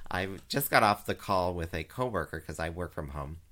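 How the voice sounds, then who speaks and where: Man, drag queen host, casual chat, deep voice, bright, lots of fillers and laughs. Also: animated, normal speed, few pauses. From Canada. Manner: chatty and giggly, many fillers, jumps into high sing-song voices. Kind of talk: casual chat show monologue. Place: home, recorded live.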